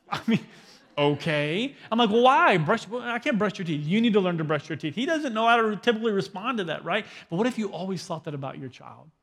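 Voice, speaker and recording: A man's voice: high-pitched, lively intonation, fairly quick, fairly bright tone. A young adult male pastor giving a conversational sermon on parenting, often checking in with "right?". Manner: conversational, asks the room "right?". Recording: long hall reverb.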